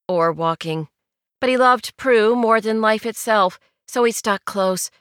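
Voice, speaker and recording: A woman narrating a novel in a measured, wry storytelling manner, recorded on a studio mic. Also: mid-range voice, a bit bright, clean tone, no echo. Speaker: audiobook narrator. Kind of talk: scripted narration.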